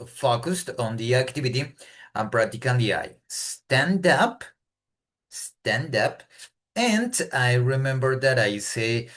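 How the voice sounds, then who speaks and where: A man's voice: medium pitch, lively intonation, slow, fairly bright tone. A man from Colombia with a Colombian accent, a Spanish-speaking English learner talking off the cuff and searching for words. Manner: hesitant, searching for words in a second language. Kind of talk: unscripted speaking practice.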